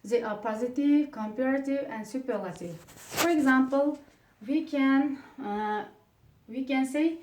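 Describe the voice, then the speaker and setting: A woman with an Uzbek accent teaches English grammar to pupils, speaking slowly and haltingly with many fillers. Her voice sits fairly high. It sounds echoey and comes from some distance across a classroom. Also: darkish tone, slight background noise. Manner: slow, halting delivery with many fillers, stresses example words.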